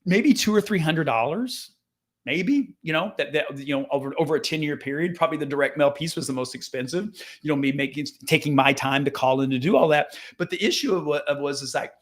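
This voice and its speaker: A man's voice: on the high side, fairly quick. Rambling middle-aged man telling a story. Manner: rambling, many restarts, lively quoted dialogue. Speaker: business coach and real estate agent. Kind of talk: casual storytelling monologue.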